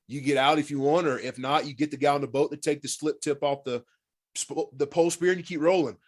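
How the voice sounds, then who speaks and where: A man telling hunting and fishing stories as a podcast guest in casual, animated talk, swearing freely and acting out what people said. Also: a little high, fast talker. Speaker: podcast guest, former pro football player. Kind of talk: casual storytelling.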